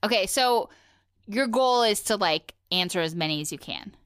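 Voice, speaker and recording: A woman co-hosting a podcast, running a quiz in casual chat. Her voice is bright and forceful with a lively, animated pitch, and she teases and giggles often. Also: normal speed, clear, resonant tone, dry recording, clean studio sound. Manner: giggly, teasing quizmaster. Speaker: podcast co-host.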